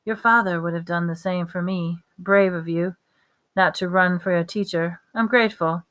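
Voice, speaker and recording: A gaunt, hoarse storybook man who has spent years locked away taunts in a cold, low voice, as a woman reader puts him on. The delivery stays smooth and clean despite the croak. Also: fairly even intonation, normal speed, a bit bright, close to an everyday voice. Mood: menacing. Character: gaunt, hoarse man long imprisoned, menacing.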